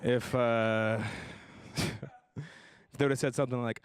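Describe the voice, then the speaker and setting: A young man hosting a stand-up comedy show, telling deadpan self-deprecating jokes and slipping into voices for the people he quotes. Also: mid-range voice, slow, long pauses, smooth, dry recording, studio quality. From Tucson, Arizona area. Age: young adult. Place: comedy stage before a live audience.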